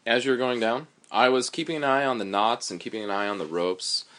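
A man in a casual group chat about a climb, talking in a measured way with frequent hesitations. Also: mid-range voice, a bit bright. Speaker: rope and safety handler.

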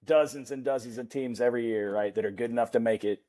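A middle-aged man, a former pro football lineman, guesting on a podcast and telling rambling, animated anecdotes with acted-out dialogue. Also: medium pitch, quick pace. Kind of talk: casual storytelling chat.

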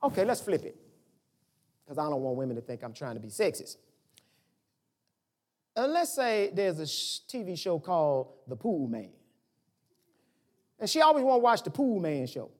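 A man's voice: on the high side, big pitch swings, moderate pace, pauses often. A male pastor giving a conversational, folksy sermon, acting out little dialogues as he goes.

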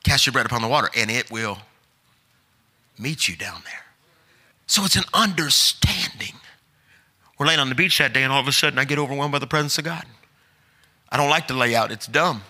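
A middle-aged evangelist preaches a sermon, telling stories and building to emphatic urging, with a long hall reverb on the recording. His medium-pitched voice is expressive and sharp-toned, moving fairly quickly with frequent pauses.

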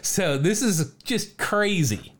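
A man hosting a podcast, telling a story in casual chat, animated and laughing often as he reads out quotes. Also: high voice, slow. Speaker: podcast host.

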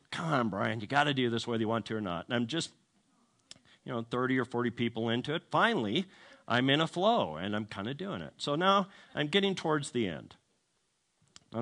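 A man telling a story in a sermon, humorous and self-deprecating, acting out the voices of the people in it. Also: mid-range voice. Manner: animated storytelling, acts out quoted voices. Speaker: preacher.

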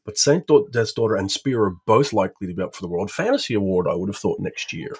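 A man hosts a casual podcast interview in a measured, encouraging way. His voice is a little low and husky. He mostly listens, then asks questions. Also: expressive. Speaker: podcast host.

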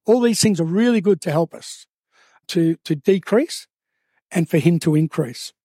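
A man preaching a sermon to a church, earnest and drawing out key phrases slowly for emphasis. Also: fairly high pitch, dark tone, no echo, studio quality.

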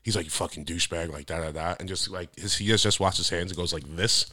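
Young male podcast co-host, quick and bright, an excitable storyteller who spikes up in pitch when indignant. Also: no room sound, clean studio sound. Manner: animated storyteller, gets loud and high when worked up. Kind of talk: casual chat.

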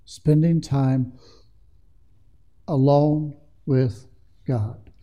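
Slow, earnest male preacher. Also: mid-range voice, fairly even intonation, highs cut off. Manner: slow, earnest, building to emphatic passages. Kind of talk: sermon.

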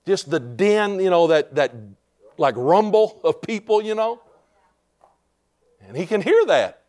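A man preaching a fervent sermon as pastor, building to shouts and calling out "Amen?" to the congregation. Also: high-pitched, sing-song, measured pace.

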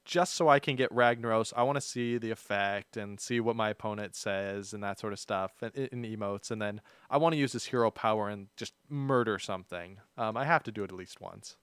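A man's voice: lowish voice, fairly quick, hardly any pauses, a bit bright, smooth, no room sound. A man hosting a podcast in upbeat, chatty casual talk, laughing easily. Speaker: podcast host. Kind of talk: casual chat.

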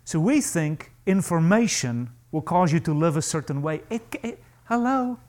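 A male pastor preaching a sermon to a congregation, emphatic and animated, acting out the voices he quotes. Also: fairly high pitch, moderate pace.

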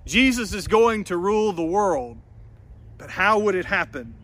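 A man preaching a sermon in an earnest, measured way, acting out quoted lines. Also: high-pitched, sing-song, a bit bright.

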